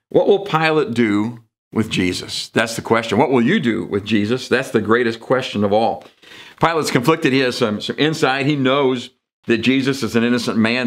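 Guy pastor preaching sunday sermon, chatty, mid pitch, does little voices for the bible folks. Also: fairly bright tone. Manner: conversational, jumps into quoted voices for emphasis. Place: church sanctuary.

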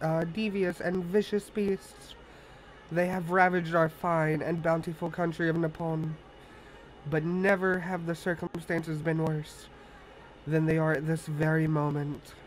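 A man's voice: fairly high pitch, a little hiss or hum, natural voice, poor audio. A man reading a serene female tree spirit. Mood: solemn. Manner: slow, solemn and reverent. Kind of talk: reading game dialogue aloud.

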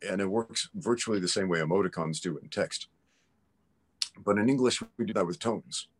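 Deep-voiced man, emphatic explainer. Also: moderate pace, breathy edge. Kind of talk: casual conversation.

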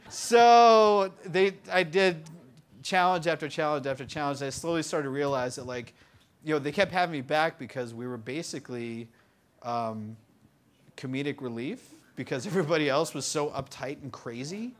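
A man in his twenties telling stories in a casual interview, animated, full of fillers and laughing often. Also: a little high, normal speed. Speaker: interview guest. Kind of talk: casual storytelling. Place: bookstore event.

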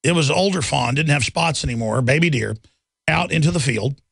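Middle-aged radio host guy ranting, gravelly voice kinda high, stumbles and repeats himself a lot, dry studio mic. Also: brisk, fairly bright tone, no echo. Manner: rambling, repeats words and restarts, indignant. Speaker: radio talk show host. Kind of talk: impassioned talk radio monologue.

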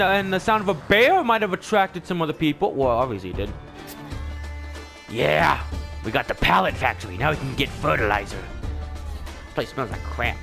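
A young man giving let's-play commentary, excitable and joking, often yelling and reacting loudly. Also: on the high side, gravelly. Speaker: gaming YouTuber.

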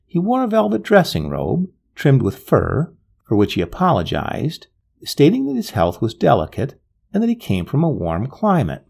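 A man narrating a gothic tale in a measured, dramatic way. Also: wildly swooping pitch, gravelly, darkish tone, slightly rough. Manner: measured, dramatic, with wide swings of pitch. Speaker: storyteller.

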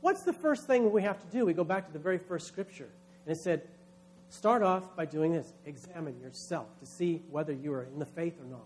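A man's voice: on the high side, animated, brisk, a little hiss or hum. A man, a pastor, preaching a sermon with emphatic delivery, acting out quoted voices.

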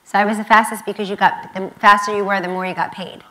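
A woman's voice: medium pitch, little pitch movement, fast talker, pushed and bright, rough recording. A woman in her fifties speaking on stage at a student conference, emphatic and repeating key phrases. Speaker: guest speaker. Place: university event stage.

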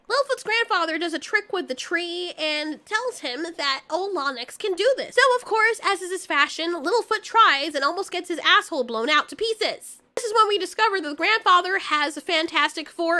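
A video reviewer recaps a cartoon film with sarcasm and jokes, keeping the tone casual as if chatting with her viewers. Her voice is very high and bright.

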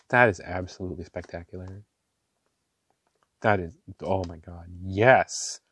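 A man in an excitable, gushing home vlog, talking up close in a dry room. His voice sits fairly low. He bursts into delighted praise often. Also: husky, no room sound. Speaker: ink reviewer. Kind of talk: casual show-and-tell vlog.

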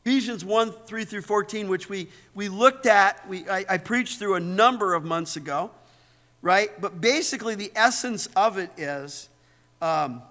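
Male pastor, high bright voice, emphatic sermon delivery, long church reverb. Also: animated, measured pace. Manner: emphatic, repeats words, asks "right?". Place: church sanctuary.

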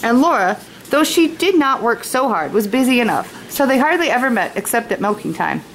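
A woman's voice: a little high, sing-song, fairly quick, a little hiss or hum, rough recording. A woman teacher at home reading a novel aloud to her students, stopping for chatty asides that explain words. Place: at home, kitchen nearby.

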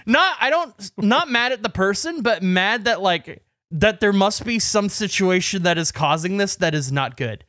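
A man's voice: high voice, lively intonation, normal speed, bright, forceful tone, no room sound, clean studio sound. A man co-hosting a podcast, telling a long rambling story full of "like" and restarts in casual chat. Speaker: podcast co-host.

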